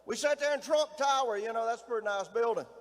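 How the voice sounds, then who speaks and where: A middle-aged man with a Southern Mississippi accent, giving a folksy, rousing political rally speech as a governor and often shouting to the crowd. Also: very high-pitched, quick pace. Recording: reverberant hall, faint noise.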